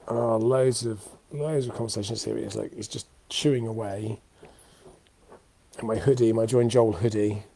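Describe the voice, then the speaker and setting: A man's voice: lowish voice, dark tone. A man in his thirties hosting an unscripted live show from home, sounding exhausted and rambling with many fillers and restarts. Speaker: host of a weekly live show. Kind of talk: unscripted live-stream chat. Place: home, indoors. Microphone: webcam or computer mic for a live video.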